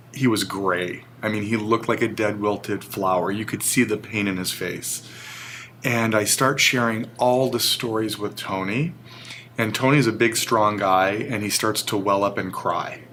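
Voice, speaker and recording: A man's voice: on the low side, fairly bright tone, slight background noise. A man as an interview guest, telling a personal story in an earnest, emotional way. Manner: earnest, emotional, vivid retelling.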